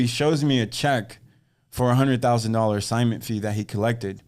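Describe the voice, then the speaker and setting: A man's voice: medium pitch, a little fast. A man in a casual podcast interview, telling the story of his start in real estate. He talks in a mid-range voice and acts out the lines of the people he quotes. The telling is loose and conversational. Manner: animated storyteller who acts out quoted dialogue. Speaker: guest, real estate agent.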